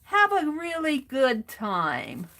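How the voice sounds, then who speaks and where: A middle-aged woman hosting an art journaling livestream, chatting warmly with viewers by name and reading their comments aloud while she works. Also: high-pitched, wildly swooping pitch, takes it slowly. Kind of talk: casual chat while crafting.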